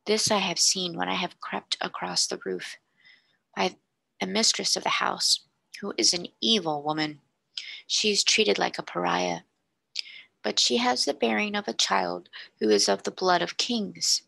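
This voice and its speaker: A woman voicing a devoted male servant who speaks in a hushed, solemn, formal whisper. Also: medium pitch, unhurried, gravelly, no echo, full character voice. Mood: hushed reverent.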